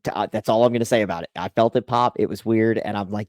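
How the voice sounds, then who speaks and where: A man who works as a race team spotter, casually telling a story with animated delivery and lots of "like" and "you know". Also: on the low side, quick pace, dry recording, clean studio sound.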